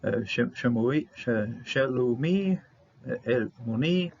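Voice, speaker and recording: A man teaching a verse-by-verse Bible Hebrew lesson, halting with fillers and restarts, repeating words for stress. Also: mid-range voice, expressive, gravelly, a little mellow. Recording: dull lo-fi audio with faint noise.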